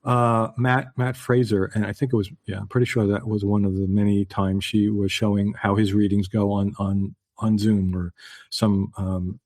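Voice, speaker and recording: A man's voice: on the low side, little pitch movement, normal speed, a little mellow. A man co-hosting a podcast in casual chat, making wry, sarcastic asides. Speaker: podcast co-host.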